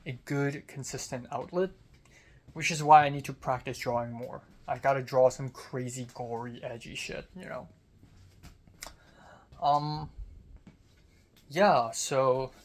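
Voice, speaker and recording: A young man from Hong Kong, rambling candidly through a casual diary-style vlog, full of fillers and self-deprecating asides. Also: medium pitch. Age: young adult. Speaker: vlogger. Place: outdoors on a college campus.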